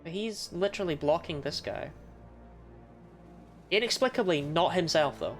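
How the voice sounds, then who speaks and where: A woman's voice: on the low side, expressive, normal speed, long pauses, faint music behind. A young woman casually commenting on a video game she is playing, chatty, swearing freely and laughing often. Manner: reads game text aloud.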